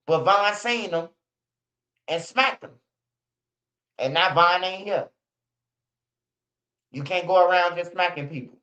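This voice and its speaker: A man with a Chicago accent giving casual, slang-heavy commentary as a channel host, often ending lines with a low "bro" or "man". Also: slow, long pauses, pushed and bright, muffled recording. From Chicago area. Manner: slangy, repetitive, drawls "bro" and "man" low at line ends.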